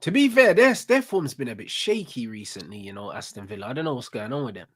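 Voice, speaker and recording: Animated man, dry close sound. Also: mid-range voice, quick pace, husky, no echo. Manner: animated, slangy, laughs often. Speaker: football podcast co-host. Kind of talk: casual banter.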